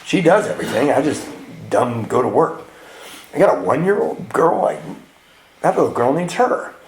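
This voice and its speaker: At a men's retreat, a man with a medium-pitched, very animated voice tells a candid story of his own recovery at a normal speed, acting out what the people in it said. The retreat hall gives the recording a roomy echo, and there's a little hiss or hum.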